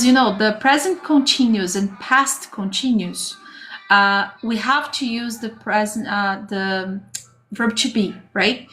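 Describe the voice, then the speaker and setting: A woman's voice: on the high side, fairly bright tone. A woman teaching an English grammar lesson on a livestream, chatting with viewers and greeting them by name.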